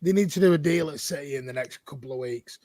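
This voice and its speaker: A man's voice: on the high side, fast, darkish tone, no echo. A man on a football panel, joking and teasing the others. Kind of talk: casual football chat.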